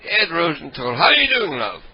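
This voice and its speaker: A man's voice: a little high, wildly swooping pitch, brisk, a crowd in the background. A man voicing an overly familiar male prank caller who sweet-talks strangers as love and dear. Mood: sweet-talking. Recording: dull lo-fi audio.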